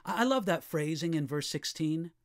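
A man preaching a sermon, reading scripture slowly and asking the listeners rhetorical questions. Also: on the high side, expressive.

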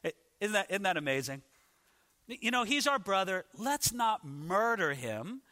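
A male pastor preaching a sermon, telling the story dramatically with rhetorical questions and swings between loud and hushed. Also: high voice, sing-song, measured pace, long reverb tail.

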